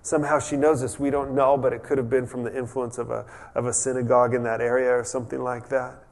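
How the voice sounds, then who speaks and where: A man preaching a conversational sermon as a pastor, relaxed and chatty, restarting sentences and adding humorous asides. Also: mid-range voice, fast talker, gravelly.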